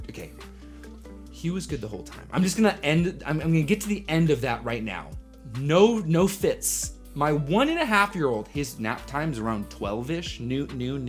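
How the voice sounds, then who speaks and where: Lively young man telling a story. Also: fairly high pitch. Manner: animated, acts out voices in his story, drops to hushed asides. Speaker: coffee livestream host. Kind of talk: casual storytelling monologue.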